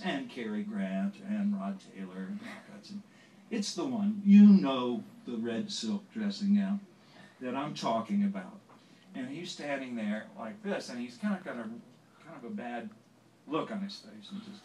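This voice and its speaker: A man in his sixties, a songwriter on stage, telling an anecdote in a halting, self-deprecating way, full of restarts. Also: medium pitch, a little mellow, slight background noise. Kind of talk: onstage anecdotal storytelling. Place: stage before an audience. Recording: roomy, distant live stage mic.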